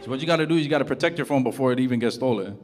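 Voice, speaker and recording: A man from Toronto doing a stand-up comedy set in front of a live audience, telling his stories in an animated way and acting out the voices of the people in them. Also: mid-range voice, very fast. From Toronto, Canada. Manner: animated storytelling, acts out quoted voices loudly. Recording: loud audience noise and laughter.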